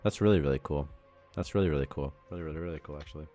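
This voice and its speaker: Deep-voiced fast-talking young man streaming. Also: music in the background. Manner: rambling, quick, chatty, laughs often. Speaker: programmer and stream host. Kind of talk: casual game dev livestream chat.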